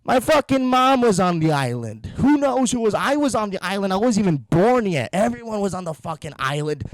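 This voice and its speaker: A man's voice: sits high, big pitch swings, fairly quick, no room sound. A young man ranting through a profane, sarcastic comedy monologue, a little out of breath from pacing. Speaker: podcast host.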